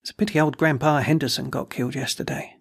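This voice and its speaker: A man's voice: medium pitch, fairly even intonation, quick pace, breathy edge. A man voicing a hot-tempered young male soldier talking bluntly in a storybook reading. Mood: exasperated. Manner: blunt, exasperated country talk.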